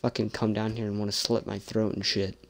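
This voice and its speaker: A man's voice: lowish voice, flat delivery, fairly quick, creaky. A young man casually commenting on a horror game he is playing, sarcastic and jumpy, swearing often. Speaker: gameplay streamer.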